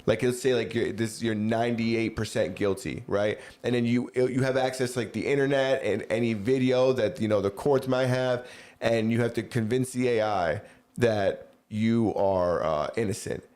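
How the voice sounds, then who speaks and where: Brief: male podcast co-host, mid-pitched voice, loose rambling delivery, casual chat. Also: normal speed, a little mellow. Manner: rambling storyteller, many fillers like "like" and "you know".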